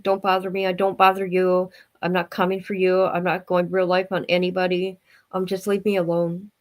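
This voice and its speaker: A middle-aged woman hosting a livestream, talking in a rambling, blunt, chatty way to her viewers. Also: lowish voice. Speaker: livestream host. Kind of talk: casual livestream chat.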